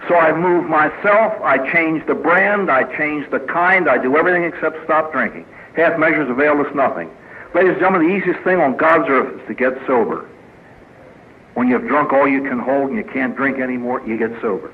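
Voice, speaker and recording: A priest giving a humorous inspirational talk at a recovery meeting, telling stories with punchlines and acting out the people in them. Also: male voice, fairly high pitch, a little fast. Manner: storytelling with punchlines, voices quoted characters. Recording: tinny lo-fi archive recording with faint hiss.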